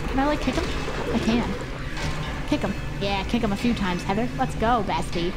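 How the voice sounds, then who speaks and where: A woman streaming a horror game, giving casual commentary, excitable and swearing often as she cheers her character on. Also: on the high side, normal speed. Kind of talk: casual let's-play commentary. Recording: game music playing behind.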